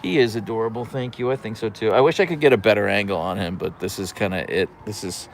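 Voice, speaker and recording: Speaking fast in a lowish voice, a man runs a laid-back livestream on an outdoor deck, talking to a tripod-mounted camera and responding to comments from viewers. Some faint background noise comes through.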